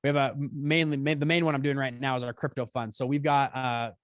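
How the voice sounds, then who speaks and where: A young man in his twenties, a podcast guest telling a story in conversation, animated and quick, acting out quotes with big jumps in pitch. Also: no echo, clean studio sound. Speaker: podcast guest, fund founder.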